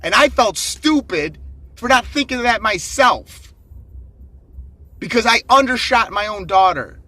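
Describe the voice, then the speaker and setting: A middle-aged man giving a swearing, shouting motivational rant into a phone camera. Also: extremely high pitch, expressive, unhurried, no echo. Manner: intense, swearing, shouting bursts. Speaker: motivational vlogger. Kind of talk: ranting motivational monologue.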